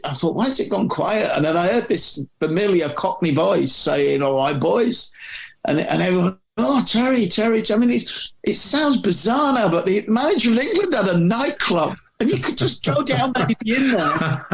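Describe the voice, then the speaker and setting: A middle-aged man telling long, rambling anecdotes as a podcast guest, often restarting his sentences. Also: sits high. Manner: rambling storyteller with frequent restarts. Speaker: podcast guest, former magazine editor. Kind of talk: casual anecdotal chat.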